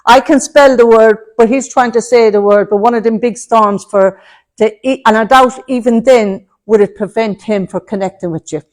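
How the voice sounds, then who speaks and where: Her voice is on the high side and her pace moderate as she demonstrates mediumship to an audience at a spiritualist centre hall. Chatty and warm, she calls people love and darling and delivers the messages as quotes.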